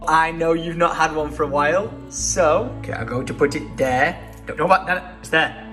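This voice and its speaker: A man's voice: on the high side, steady tone, normal speed, bright, forceful tone, faint music behind. A young man with a Northern English accent chatting playfully in a vlog, laughing often. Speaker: vlogger. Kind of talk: casual vlog chat.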